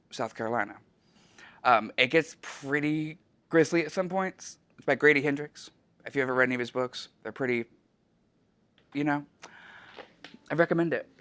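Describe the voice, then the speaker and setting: A man's voice: mid-range voice, fairly bright tone. A man who works at a library, telling chatty, self-deprecating stories in a casual interview, with lots of filler ums and frequent laughter. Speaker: library staff member. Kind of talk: casual anecdotal interview answers.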